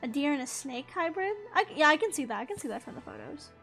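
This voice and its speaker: Bubbly high-voiced woman gamer. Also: big pitch swings, quick pace, creaky, fairly bright tone, faint music behind. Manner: bubbly, giggly and chatty, talking to viewers. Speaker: gaming streamer. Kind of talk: casual gameplay commentary.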